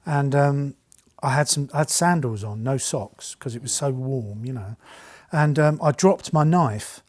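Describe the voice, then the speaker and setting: A middle-aged man, a veteran shoemaker, speaking in a halting way with many restarts. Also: mid-range voice, darkish tone. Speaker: bespoke shoemaker guest. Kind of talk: casual chat.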